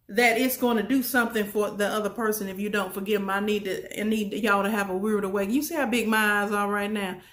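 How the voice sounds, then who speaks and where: Brief: woman speaker, motivational talk, emphatic and folksy, fairly high voice, roomy echo. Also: fairly bright tone. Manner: emphatic and repetitive, folksy, asks the audience questions.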